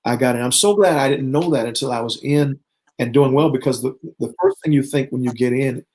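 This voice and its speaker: A man's voice: mid-range voice, brisk, a little mellow, low-quality recording. A man in his fifties, a bishop who is a guest, telling his personal testimony in conversation. He is an earnest storyteller who acts out remembered dialogue.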